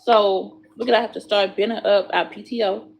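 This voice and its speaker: A woman's voice: medium pitch, steady tone, fairly quick, slight background noise. A woman chatting to viewers while doing hair, swearing freely and calling them y'all. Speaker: hair vlogger.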